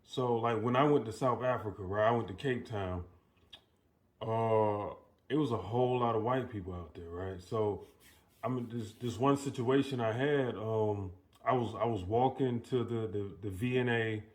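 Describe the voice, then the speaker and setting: A man's voice: lowish voice, normal speed, a little mellow. A man hosting casual commentary and telling a story in a loose, profane way, with many restarts. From United States. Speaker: commentary host.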